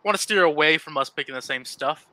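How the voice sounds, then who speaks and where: Bright-voiced easygoing male podcast co-host. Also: on the high side, fast, dry recording, poor audio. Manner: easygoing, earnest, with frequent fillers. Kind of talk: casual podcast chat about superhero films.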